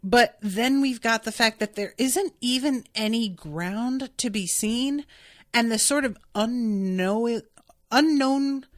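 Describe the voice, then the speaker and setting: A woman's voice: fairly high pitch, a bit bright, no echo, clean studio sound. A woman hosting a solo podcast recap, chatting candidly, laughing often and acting out quoted lines. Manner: chatty, candid, swears when quoting. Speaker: podcast host. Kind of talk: solo episode recap, reading listener chat.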